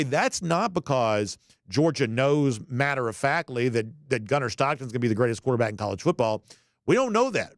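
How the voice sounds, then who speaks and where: A man's voice: medium pitch, no room sound. Male sports-talk host, conversational, folksy, dry booth sound. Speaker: podcast host. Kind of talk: sports commentary monologue.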